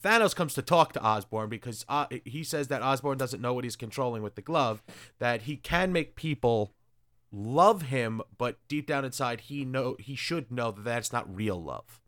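A man talking casually as a host, recapping with sarcasm and crude jokes. His voice sits at an ordinary pitch. The recording is dry and close, with no room sound. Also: moderate pace, no room sound. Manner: animated, sarcastic retelling with crude asides. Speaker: podcast host reviewing comics. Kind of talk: casual chat.

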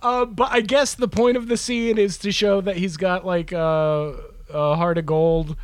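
Unhurried, hesitant podcast co-host man. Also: high voice, fairly even intonation, clear, resonant tone, no echo. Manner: unhurried, hesitant, full of fillers. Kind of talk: casual chat.

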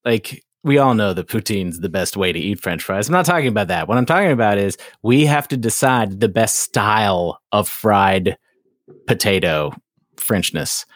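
A man's voice: fairly low pitch, lively intonation, moderate pace, no room sound, studio quality. A man hosting a podcast in casual chat, rambling and joking, often laughing mid-sentence. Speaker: podcast host.

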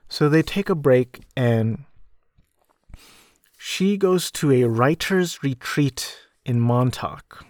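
Podcast host, male, young adult, rambling film recap, self-deprecating, mid-pitched, dry close mic. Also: slow pace, darkish tone, dry recording. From United States. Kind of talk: casual film recap monologue.

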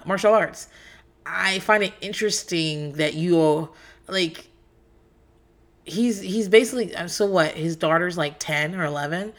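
A woman's voice: on the low side, a bit bright. A woman in her thirties or forties recapping reality TV in a candid, profane, rambling way, with frequent fillers. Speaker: podcast host.

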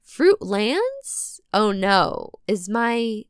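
Midwestern woman, podcast host. Chatty and bright, laughs often, smooth clear voice, dry close sound. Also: on the high side, expressive, unhurried, no room sound. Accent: Midwestern American. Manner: chatty, laughs often, asides and self-corrections. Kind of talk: casual podcast narration.

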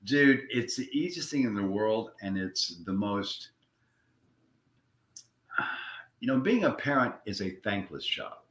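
An older man, an actor, talks casually in a rambling way and repeats his words as he gathers his thoughts. His voice sits a little low but sounds bright and forceful. The room around him is echoey. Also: very animated, takes it slowly, long pauses. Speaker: actor guest. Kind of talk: casual interview.

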